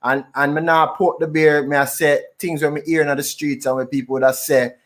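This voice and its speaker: A man, hosting a casual conversation in a relaxed, agreeable way, speaking in patois. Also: fairly high pitch, moderate pace. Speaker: host.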